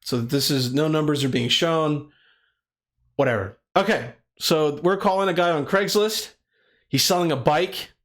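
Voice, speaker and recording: A man's voice: on the high side, a little slow, a bit bright. A man co-hosting a casual podcast, talking in a rambling way and swearing casually. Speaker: podcast co-host. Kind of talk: casual chat.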